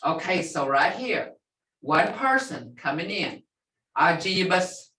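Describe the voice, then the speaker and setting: An older woman teaching a language class in a relaxed way, repeating phrases slowly for her learners. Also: deep voice. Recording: echoey room, distant from mic.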